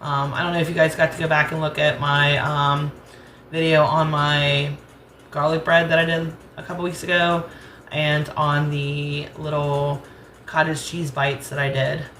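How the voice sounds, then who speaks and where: A woman's voice: low voice, little pitch movement, a little slow, a bit bright, roomy sound, a little hiss or hum. An American woman with a rural Southern accent, chatting casually and rambling as she cooks in her home kitchen, laughing easily. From United States. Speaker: cooking channel host.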